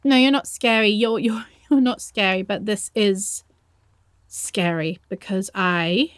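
A woman's voice: medium pitch, takes it slowly, no room sound, studio quality, natural voice. A young woman acting a shy, nervous lover in an audio role-play, stammering and hesitating as she speaks to her partner.

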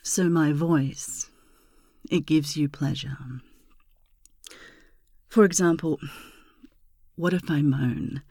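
An erotic audio performer in a whispered role-play, speaking in a slow, teasing, breathy murmur that swells into loud moans. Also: medium pitch, steady tone, no room sound, clean studio sound.

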